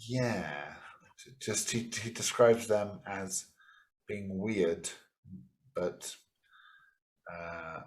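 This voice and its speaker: A man's voice: deep voice, extremely slow, pauses often. A Canadian man running a tabletop game as game master, rambling with lots of fillers and restarts.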